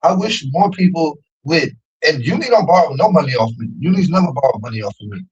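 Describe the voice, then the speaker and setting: A man holds forth in a slangy livestream rant, animated and quick to laugh. His voice sits a bit high and carries a husky, breathy edge. He mocks people by putting on their voices mid-story. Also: lo-fi sound. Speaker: streamer.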